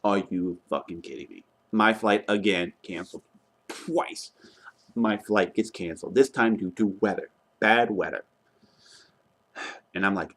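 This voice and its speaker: A young man vlogging casually, retelling a travel mishap in an exasperated, animated way and swearing now and then. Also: on the low side, unhurried, long pauses. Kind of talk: casual travel vlog rant.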